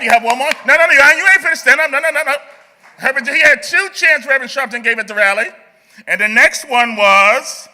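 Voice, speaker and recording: A man's voice: very high voice, expressive, fairly quick, pushed and bright. Man leading chants in an echoey hall. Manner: commanding, coaching a crowd of kids. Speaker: youth event leader. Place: large meeting hall.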